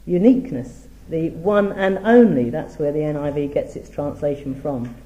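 A middle-aged man teaches from the Bible in a measured way, stressing the words when he reads scripture aloud. His voice is very dark and mellow, yet sits a little high for a man. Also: roomy sound, muffled recording. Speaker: preacher.

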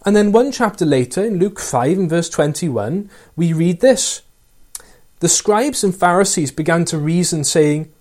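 A man preaching a sermon in a mellow, warm voice, set a little higher than most men's. He talks earnestly and often puts rhetorical questions to his listeners. Between them he reads passages of scripture aloud. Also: animated, moderate pace.

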